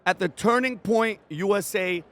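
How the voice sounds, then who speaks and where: A man's voice: high-pitched, normal speed, a bit bright. A man from New York hosting a casual interview, rambling loosely with many fillers. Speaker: host, interviewer.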